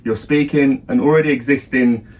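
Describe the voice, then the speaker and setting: A man's voice: mid-range voice, fairly even intonation, normal speed, a little mellow, slight background noise. A middle-aged man with a London accent, co-hosting a casual podcast chat and rambling with many restarts and "do you know what I mean". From London area, England. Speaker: podcast co-host, father.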